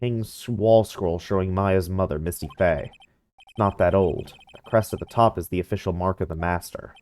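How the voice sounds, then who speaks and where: A man's voice: sits low, normal speed, a little mellow. A man voicing a wry, easily exasperated young lawyer in a game fan dub, talking in a dry, sarcastic way.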